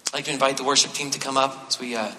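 A man's voice: mid-range voice, steady tone, racing, bright, forceful tone, a little hiss or hum. A man preaching a sermon as a pastor, speaking conversationally with touches of self-deprecating humor and repeating his key phrases for emphasis. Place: church sanctuary. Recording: long reverb of a large hall.

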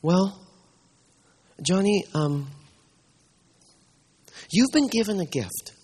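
A kindly older pastor with a tender, gentle temper, played by a man telling a story from the pulpit. He speaks softly and slowly, stumbling over his words in halting repeats. The tone is a touch husky. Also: sits high, expressive, full character voice. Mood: tender, earnest. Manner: soft, slow and hushed, with halting repeats.

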